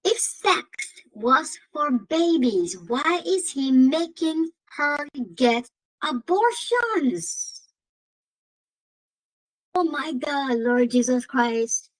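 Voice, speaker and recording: A woman's voice: sits high, lively intonation, very slow, long pauses, low-quality recording. A woman with an African accent hosting a commentary vlog, emphatic and given to repeating phrases and exclaiming. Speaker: host.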